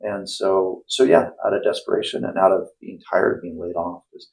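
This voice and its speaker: A man's voice: low-pitched, normal speed, creaky, darkish tone, rough recording. A middle-aged man, a former plumber turned investor, talking casually in an interview with lots of fillers and restarts. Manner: rambling, many restarts and fillers.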